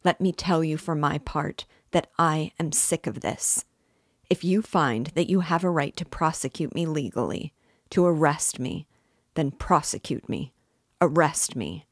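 A woman reading an audiobook voices an overwrought young male student who speaks loudly and defiantly. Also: deep voice, animated, measured pace, no room sound, studio quality, exaggerated voice. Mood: furious. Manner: loud, insistent, defiant.

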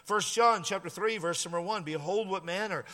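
A middle-aged male pastor preaching a sermon, emphatic, repeating key phrases and slowing down to stress them. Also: high voice, pushed and bright, long reverb tail.

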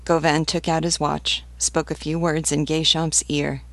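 A woman giving a steady audiobook reading of a novel as a literature teacher. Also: low-pitched, measured pace, no echo.

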